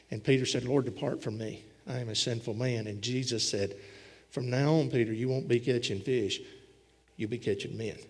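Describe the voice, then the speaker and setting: A man's voice: medium pitch, a little mellow, breathy edge. A man preaching a sermon as a pastor, with a folksy storytelling manner. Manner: folksy storytelling preacher, voicing scripture characters. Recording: long hall reverb.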